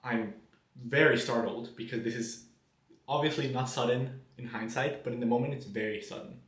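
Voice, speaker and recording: Brief: young man recounting a story to camera, hesitant restarts, average pitch, roomy echo. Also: steady tone, normal speed, a bit bright. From Mexico. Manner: self-deprecating, hesitant restarts. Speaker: vlogger.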